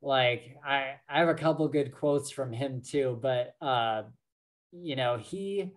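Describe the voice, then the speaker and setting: Speaking slowly in a mid-range voice, this podcast co-host chats about books in a relaxed way. Fillers crop up often, and so does his laughter.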